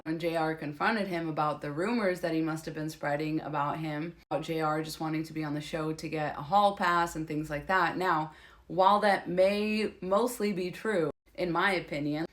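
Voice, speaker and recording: Blunt, lower-pitched woman ranting. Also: fairly even intonation, moderate pace. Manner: blunt, sarcastic, swears freely. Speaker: commentator. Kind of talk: casual opinionated commentary.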